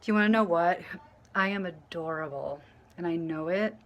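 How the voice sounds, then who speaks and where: A woman vlogging casually to camera, telling a rambling story full of fillers and restarts, mostly quiet and low, getting louder when she acts out what people said. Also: moderate pace, highs cut off. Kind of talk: casual storytelling to camera while dyeing her hair.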